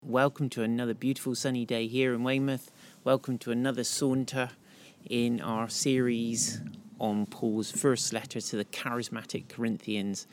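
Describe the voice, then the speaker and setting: A man's voice: medium pitch, little pitch movement, normal speed, a little hiss or hum. Earnest middle-aged man teaching outdoors. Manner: warm, earnest, chatty with asides. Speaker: podcast host and Bible teacher. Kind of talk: informal Bible teaching while walking. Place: outdoors, walking by the coast.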